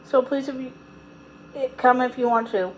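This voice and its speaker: A woman's voice: high-pitched, slight background noise, lightly acted, low-quality recording. A woman reading aloud voices an eager schoolgirl who talks in a rush. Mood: earnest. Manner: eager, apologetic, rushed. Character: lively schoolgirl putting on a show.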